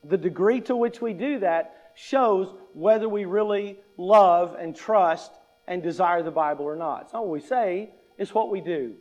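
High-voiced man preaching with emphatic repetition. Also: unhurried, darkish tone, lo-fi sound. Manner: conversational, emphatic repetition, acts out quoted attitudes. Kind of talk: sermon.

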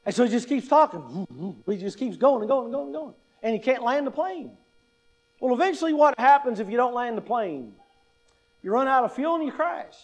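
A man's voice: very high voice, animated, normal speed. A pastor in his fifties gives a conversational teaching talk, often asking "right?" and adding wry humor. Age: 50s. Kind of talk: teaching talk on public speaking.

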